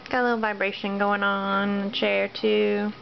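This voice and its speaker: A woman talking softly to her baby in sing-song questions, recorded on a home video. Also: mid-range voice, flat delivery, moderate pace, vocal fry. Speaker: mother. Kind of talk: baby talk to her infant. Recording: muffled home video with faint hiss.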